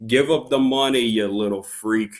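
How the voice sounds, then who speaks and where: A man hosting a casual unboxing video who gripes in mock outrage and breaks into loud exclamations. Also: medium pitch, moderate pace. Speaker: YouTube unboxing host.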